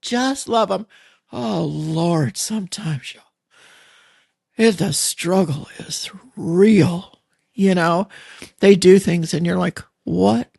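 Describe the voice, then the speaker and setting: A woman's voice: on the low side, takes it slowly, gravelly, pauses often, dark tone, breathy edge, no room sound, clean studio sound. A middle-aged woman hosting a podcast, chatting in a folksy, rambling way and laughing often. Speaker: podcast host. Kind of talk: casual rambling monologue.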